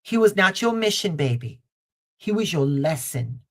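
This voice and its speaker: A woman's voice: sits low, very animated, moderate pace. Woman tarot reader live-streaming from home, affectionate, emphatic repetition. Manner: affectionate, calls viewer baby and mama; repeats phrases for emphasis. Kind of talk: live-stream card reading. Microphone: basic streaming setup.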